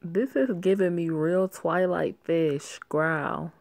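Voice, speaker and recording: A woman's voice: on the low side, slow, gravelly, a little mellow, dry recording. A young woman reading a werewolf story aloud, breaking off for sassy, laughing asides and swearing. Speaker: story reader.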